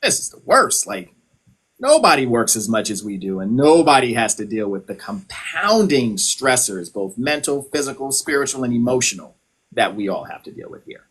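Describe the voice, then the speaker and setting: A man from the United States, a holistic health practitioner, talking casually on a live stream. He explains in a relaxed way and leans on filler phrases. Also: medium pitch, moderate pace, husky.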